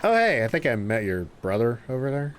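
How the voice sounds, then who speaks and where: Animated, goofy male game streamer. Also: mid-range voice, slight background noise. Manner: upbeat, goofy, rapid thanks to chat with sudden exclamations. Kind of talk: live gameplay commentary.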